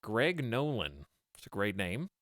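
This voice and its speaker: A man's voice: fairly low pitch, sing-song, measured pace, fairly bright tone, no room sound, clean studio sound. A man streaming a video game, chatting casually and thinking aloud as he plays, often laughing at his own jokes. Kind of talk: casual gameplay commentary.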